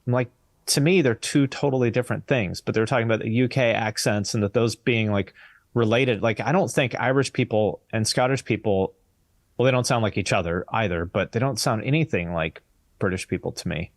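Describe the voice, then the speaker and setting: A man's voice: fairly low pitch, a little fast, dry recording, clean studio sound. An American man, a podcast guest in casual chat, blunt and sardonic, swearing casually. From United States.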